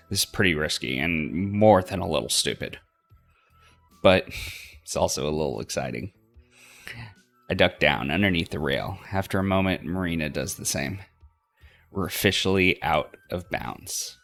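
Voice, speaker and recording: A man reading Amber, a low-key young woman. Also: gravelly, fairly bright tone. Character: confident young woman, main character narrating. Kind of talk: visual novel voice reading.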